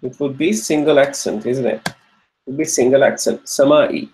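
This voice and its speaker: A man's voice: mid-range voice, very animated, normal speed, darkish tone, low-quality recording. A man teaching an online Arabic grammar lesson, patiently repeating each answer, checking in with students and praising their replies.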